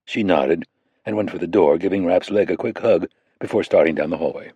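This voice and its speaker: A man reading a thriller audiobook aloud in a measured, steady narration. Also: low-pitched, slightly rough, no echo. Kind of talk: scripted narration.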